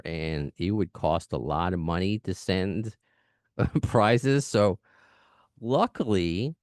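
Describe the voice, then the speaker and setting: A man hosting a podcast, talking fast and chatty, laughing now and then, his voice still mending after an illness. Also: fairly low pitch, darkish tone, no room sound, clean studio sound. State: recovering from lost voice. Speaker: podcast host. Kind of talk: casual podcast chat.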